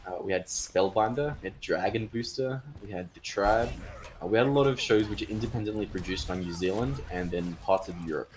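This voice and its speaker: A man casting a live esports match, chatty and excitable, breaking out in sudden cheers. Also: lowish voice, fairly quick. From Australia. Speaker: esports caster. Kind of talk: live esports play-by-play commentary.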